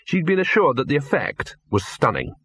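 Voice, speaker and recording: A man narrating a comic fantasy audiobook in a measured, dry storytelling manner. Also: mid-range voice, wildly swooping pitch, fairly bright tone, breathy edge, no echo.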